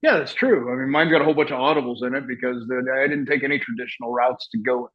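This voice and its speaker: A middle-aged man telling stories in a relaxed interview, looping back on himself and restarting sentences as he goes. His voice sits at an ordinary male pitch. The sound is a little dull and lo-fi. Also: quick pace. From Texas. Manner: rambling storyteller, many restarts and laughs. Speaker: guest, actor and retired soldier. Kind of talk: casual interview chat.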